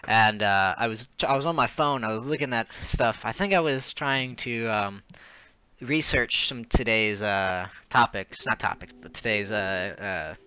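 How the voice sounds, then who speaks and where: A man's voice: on the low side, a little slow, sharp tone, clear, resonant tone, no echo. A young man hosting a casual podcast, telling a rambling story and swearing freely. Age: young adult. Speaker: podcast host. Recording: muffled lo-fi sound.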